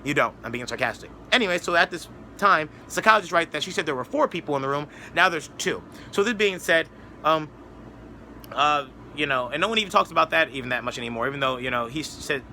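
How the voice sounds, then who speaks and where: A man's voice: fairly high pitch, vocal fry, bright, forceful tone, slight background noise. A man giving a rambling, sarcastic opinion monologue as a political commentator, mocking others with put-on voices.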